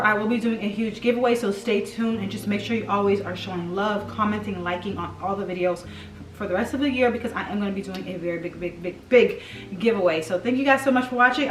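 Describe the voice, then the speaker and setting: A woman's voice: mid-range voice, fast. A woman gushing over her decor finds in a casual, chatty haul vlog. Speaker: home decor vlogger. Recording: echoey room, mic at a distance, music behind.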